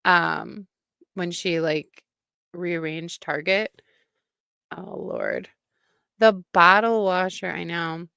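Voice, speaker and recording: A woman's voice: on the low side, steady tone, slow pace, vocal fry, pauses often, sharp tone, smooth, no echo, clean studio sound. A woman hosting a livestream, giving blunt, mocking reaction commentary, swearing freely.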